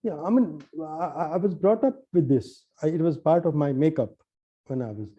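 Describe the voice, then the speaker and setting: Talkative poet guy, slightly high pitch, acts out the voices, kinda muffled recording. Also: normal speed. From Nepal. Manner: lively, acts out quoted dialogue, many restarts. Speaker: poet and translator. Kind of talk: animated storytelling in conversation.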